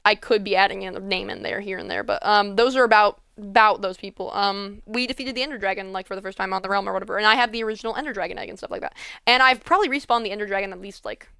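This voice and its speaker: A woman's voice: medium pitch, racing, vocal fry, sharp tone, clean tone, no echo. A teenage girl hosting a casual chat, rambling with many fillers. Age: teens. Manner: rambling, filler-heavy, laughs often. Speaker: host.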